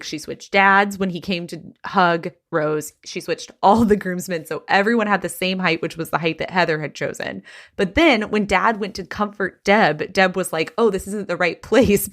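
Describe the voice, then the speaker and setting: A woman in her thirties hosting a podcast, retelling a gossip story with lively quoted voices. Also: medium pitch. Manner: animated retelling, acting out quotes. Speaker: podcast host.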